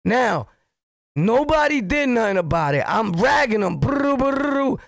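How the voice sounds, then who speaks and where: A middle-aged man with a New York accent, a streamer telling street stories in a blunt, profane, animated monologue. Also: very high-pitched, measured pace, creaky, dry recording. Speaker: streamer and commentator. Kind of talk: heated street-talk monologue.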